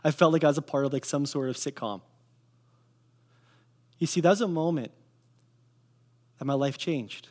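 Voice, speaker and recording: Young Canadian man, slightly high voice, casual earnest testimony sermon. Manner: casual, earnest storytelling with fillers.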